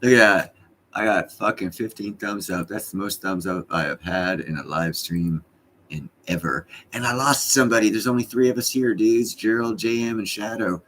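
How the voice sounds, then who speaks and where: There's a bit of background noise as this middle-aged man hosts a home live stream. His voice runs on the low side with a fairly bright tone, delivered at normal speed, and his talk is loose, rambling, blunt and full of swearing.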